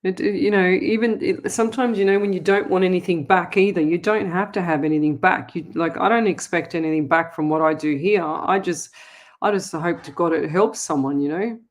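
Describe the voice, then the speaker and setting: This is a woman with a lowish voice, hosting a live psychic show as a medium. She chats in a relaxed, rambling way and laughs often between listeners' comments. Her talk is warm and unhurried, full of small asides. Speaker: psychic medium radio host. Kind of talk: live call-in show chat.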